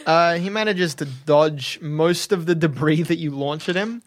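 A man running a tabletop game as game master, narrating the action quickly and laughing often. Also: a little high.

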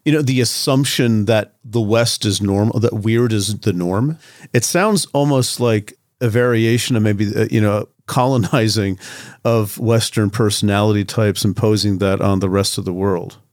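A lower-voiced man co-hosting a podcast, recorded dry and close. He talks loosely and conversationally, leaning on plenty of fillers. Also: normal speed, a little mellow, no room sound. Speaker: podcast co-host. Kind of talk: casual interview talk.

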